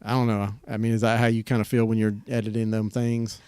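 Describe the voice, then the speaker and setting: A man's voice: fairly low pitch, flat delivery, fast talker, darkish tone, smooth, no echo. A man hosting a podcast in casual conversation, rambling with lots of fillers and restarts and laughing often. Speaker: podcast host. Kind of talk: casual interview chat.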